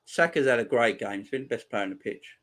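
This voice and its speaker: A fast-talking man with lively intonation hosts a live football watchalong. He commentates casually, answers viewer comments, and reacts loudly to chances on the pitch.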